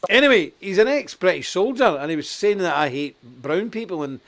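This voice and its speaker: A man's voice: high-pitched, lively intonation, fairly quick. Male host from Scotland, blunt and emphatic, mid-range voice, chuckles through his anecdotes. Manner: blunt, emphatic, laughs at his own stories. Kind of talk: live online talk show chat.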